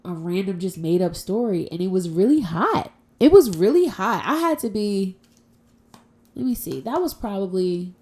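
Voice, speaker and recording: A woman's voice: medium pitch, dark tone. A woman hosting a casual solo podcast from home, talking in a frank, profane and playful way. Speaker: podcast host.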